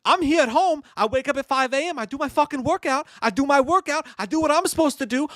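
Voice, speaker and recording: A man's voice: very high voice, a bit bright, no room sound, clean studio sound, pitched above the performer's own voice. A man doing a comedic impression of a ranting, swaggering middle-aged celebrity with a Boston accent, full of profane repetition.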